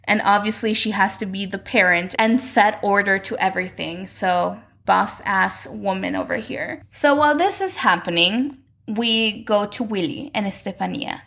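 A woman casually recapping a soap opera, animatedly acting out the characters' lines in quick voices. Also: mid-range voice, animated, gravelly, fairly bright tone. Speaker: recap commentator.

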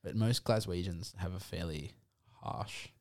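Aussie guy co-hosting a podcast, really deep and gravelly, laughs a lot. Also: measured pace, a little mellow. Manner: laughs often, rambling storyteller. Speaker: podcast co-host. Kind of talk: casual chat.

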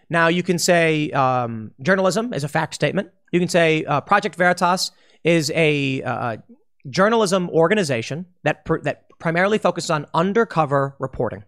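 Sarcastic man with a slightly high voice. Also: animated, moderate pace, a bit bright. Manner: sarcastic, emphatic, talks to the viewer directly. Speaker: political commentary host. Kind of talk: opinionated commentary while reading articles aloud.

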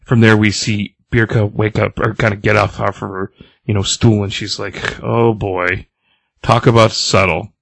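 On a comics podcast, a man with a lowish, gravelly, slightly rough voice recaps a comic's plot at a moderate pace. As co-host, he retells it with animation in casual chat, loosely reading out the characters' lines. The recording is dry.

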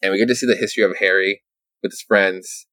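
Low-voiced man recapping in casual chat. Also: quick pace, no room sound. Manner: rambling, heavy on fillers and swearing; animated storytelling. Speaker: podcast host recapping a comic.

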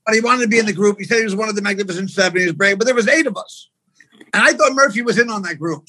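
A male comedian spins a lively anecdote in a very high, bright voice. It carries a husky grain, and the sound is dry and close. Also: rapid-fire, no room sound. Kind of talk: casual storytelling chat.

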